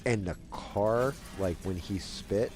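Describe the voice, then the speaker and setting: A man's voice: lowish voice, slow, darkish tone. A man in his forties, a game streamer, casually telling a long rambling story while he plays, with lots of filler words. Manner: rambling, loose, heavy with "like" fillers.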